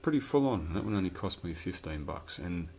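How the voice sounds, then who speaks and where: A man's voice: low voice, animated, brisk, heavy background noise. A man chatting casually and rambling about his film collection, swearing now and then. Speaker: collector showing his films. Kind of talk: casual chat.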